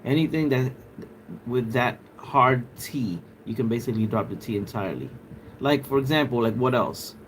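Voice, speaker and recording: A man's voice: mid-range voice, expressive, normal speed, a little hiss or hum. A man with a Puerto Rican accent chatting casually on a livestream, musing aloud with crude, playful banter. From Puerto Rico. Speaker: livestream host.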